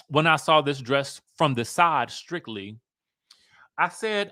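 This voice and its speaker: A young man speaking hosts a casual live stream, full of sass and playful repetition. His voice is bright and sits a little high for a man. The sound is dry and close, with no room echo. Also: unhurried. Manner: sassy, animated, playful drawl, repeats himself. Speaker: host.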